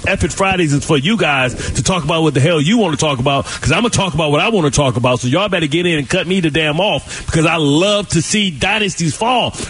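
A man co-hosting a sports talk radio show in a loud, brash, high-energy way, trash-talking and boasting. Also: quick pace, few pauses, slight background noise. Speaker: radio co-host.

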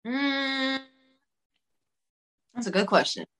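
Bright-voiced giggly young woman. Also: high-pitched, animated, slow. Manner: chatty, giggly, lots of "like". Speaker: musician guest. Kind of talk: casual interview.

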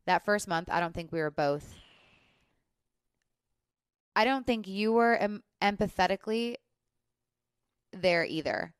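A woman's voice: medium pitch, animated, measured pace, long pauses, clear, resonant tone, dry recording, studio quality. A woman from the Midwest in her thirties, a guest in a casual chat, talking freely with lots of fillers and restarts. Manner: chatty, many fillers and restarts. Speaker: podcast guest.

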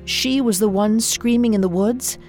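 A woman's voice: on the high side, normal speed, darkish tone, faint music behind, pitched above the performer's own voice, close to an everyday voice. A woman voicing a grief-stricken king of knightly legend in a storybook reading, speaking in solemn, formal words. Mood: grieving.

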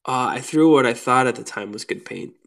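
A Minnesota man who builds lures is a guest on a podcast, telling stories in a casual chat with lively, animated energy. He laughs easily and scatters "like" through his phrases, speaking a little fast in a gravelly mid-range voice. There's a slight hiss or hum on the recording.

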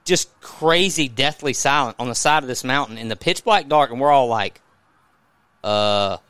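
A man with a Southern US accent, a podcast host telling a story in a casual, animated way, often restarting his sentences. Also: medium pitch, moderate pace, smooth, dry recording.

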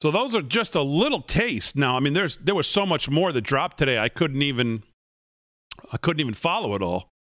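A man's voice: a little high, expressive, normal speed, a bit bright, dry recording, studio quality. A man reading out points on a political show. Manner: reads messages aloud, lists points. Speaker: host. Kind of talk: political commentary.

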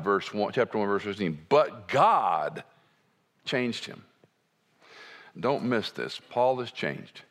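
A man preaching a sermon in a conversational way, dropping to soft asides and rising to emphatic points. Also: mid-range voice. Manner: conversational, wide swings between soft and emphatic.

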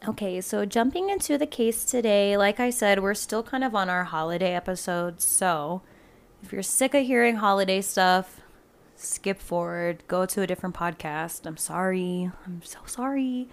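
A woman's voice: medium pitch, moderate pace, clean tone. A woman hosting a true-crime podcast, chatting loosely with many "like"s and laughs, then reading out case details. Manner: chatty and loose, heavy use of "like", laughs often. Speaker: podcast host. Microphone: home laptop microphone.

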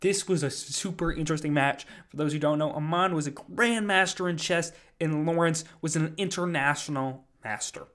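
A man's voice: fairly high pitch, moderate pace, few pauses, a bit bright. A man casually recapping a live event, rambling with lots of fillers and "like". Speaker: podcast host recapping an event.

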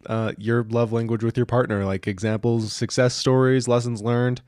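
A young man co-hosting a podcast, talking in a relaxed, reflective way. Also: mid-range voice, normal speed, no room sound, studio quality. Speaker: podcast co-host. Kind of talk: casual chat.

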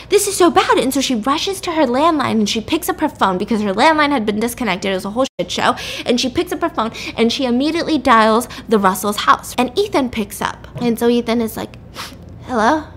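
A woman hosting a podcast, retelling a true story in a chatty, animated way, swearing casually and filling with "like" and "you know.". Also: a little high, a little hiss or hum.

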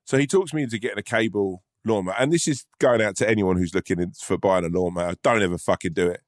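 A man's voice: fairly low pitch, fast talker, no echo, studio quality. Sweary man ranting. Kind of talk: casual chat.

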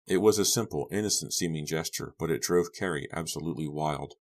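A man narrating a young adult horror audiobook in a steady, even storytelling voice. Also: a bass voice, fairly quick.

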